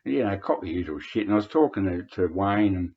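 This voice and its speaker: Older Australian man, low voice, hesitant rambling storytelling, muffled lo-fi recording. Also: animated, brisk. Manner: hesitant, many fillers and restarts. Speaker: vlogger reminiscing. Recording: dull lo-fi recording.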